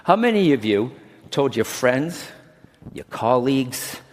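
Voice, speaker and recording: A man's voice: medium pitch, big pitch swings, takes it slowly. Middle-aged guy giving a chatty stage talk, voice swings up and down a lot, big hall reverb. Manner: chatty, keeps checking in with the crowd. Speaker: medium teaching a workshop. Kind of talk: conference talk to a live audience. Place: large conference hall.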